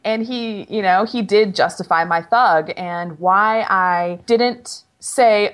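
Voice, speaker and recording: A woman's voice: on the low side, slow, hardly any pauses. A woman co-hosting a podcast, chatting casually and animatedly, laughing often and restarting her sentences. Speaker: podcast co-host. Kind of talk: casual chat.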